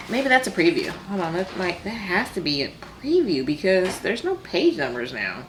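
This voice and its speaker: A woman's voice: on the low side, very animated, moderate pace, hardly any pauses, background noise. A woman hosting a book vlog, chatting casually to camera with playful, exasperated humor and frequent laughter. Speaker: book vlogger host.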